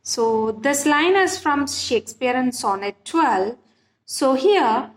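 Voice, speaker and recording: A woman's voice: high voice, expressive. A woman teaching literature in an online lesson, patient and repetitive, often checking that students follow. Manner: slow, patient, repeats key points and checks understanding.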